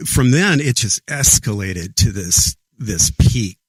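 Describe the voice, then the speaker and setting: A middle-aged man, a podcast guest, earnestly recounting a personal story in a halting way, often repeating his words. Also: on the low side, expressive, breathy edge, no room sound. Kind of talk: casual storytelling interview.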